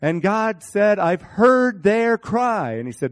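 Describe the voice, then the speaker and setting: A man preaching a sermon, animated, speaking to his congregation by name and acting out Bible scenes in different voices. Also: high-pitched, measured pace, hardly any pauses.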